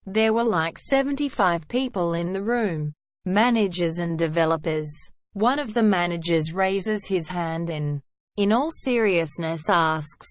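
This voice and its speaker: A woman reading online stories aloud in an even, steady narration, saying "quote" and hashtags as she reads them. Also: medium pitch, a little slow, no echo.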